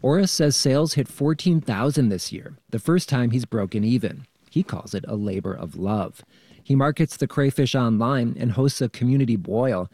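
A man's voice: medium pitch, dark tone, no echo. Man narrating a radio news feature. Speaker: radio reporter.

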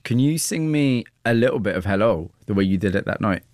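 A man narrates a documentary and asks the interview questions, with measured, plain scripted delivery. His voice sits low, and the recording is dry and close with no room sound. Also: expressive, a little mellow, no room sound.

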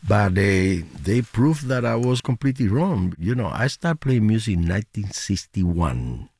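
An older man who grew up speaking tells stories animatedly in a radio interview, often laughing and jumping up into high acted quotes. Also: expressive, moderate pace, a little mellow, breathy edge, dry recording. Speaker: interview guest, musician.

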